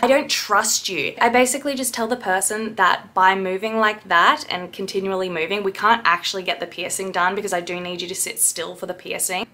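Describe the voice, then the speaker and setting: A woman's voice: medium pitch, pushed and bright. A woman who works as a piercer, giving a blunt, indignant reaction rant and swearing freely. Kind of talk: ranting reaction commentary.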